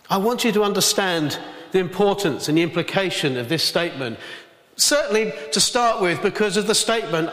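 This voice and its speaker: Male preacher, emphatic sermon delivery, higher voice, roomy reverberant church. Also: lively intonation, a little fast, fairly bright tone. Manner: earnest, emphatic, dramatizes scripture quotes. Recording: reverberant hall.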